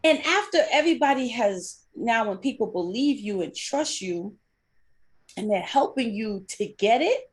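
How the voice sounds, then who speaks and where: Female co-host, high and very lively delivery, animated storyteller. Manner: animated, acts out other people in quick bursts. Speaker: podcast co-host. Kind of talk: casual chat.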